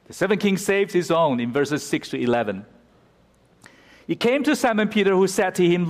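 A man's voice: high-pitched, big pitch swings, normal speed. Man preaching in an echoing hall. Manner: expository, dramatic when quoting scripture. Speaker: pastor. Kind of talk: sermon. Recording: reverberant hall.

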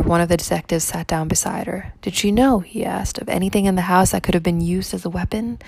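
A woman narrating a story aloud in a measured, even reading. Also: lowish voice, vocal fry, no echo.

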